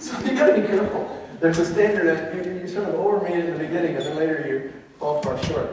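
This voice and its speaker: A man's voice: on the high side, fast, darkish tone. A man, a university teacher, telling funny stories to an audience in a chatty way, with many fillers and restarts. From United States. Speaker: university teacher giving a talk. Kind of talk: humorous anecdotal storytelling. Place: large lecture hall or auditorium. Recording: echoey hall, distant mic, faint noise.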